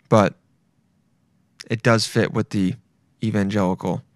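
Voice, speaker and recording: Young male podcast host: bright, forceful voice, loose rambling rant full of swearing and laughs. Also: medium pitch, dry recording, clean studio sound. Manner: rambling, swearing, often laughing mid-sentence. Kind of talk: casual solo podcast rant.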